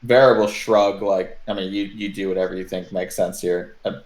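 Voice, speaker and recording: A man's voice: low voice, steady tone, a little mellow. A man playing a tabletop game, chatting casually with a joking manner. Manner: joking, quick to laugh. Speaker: player.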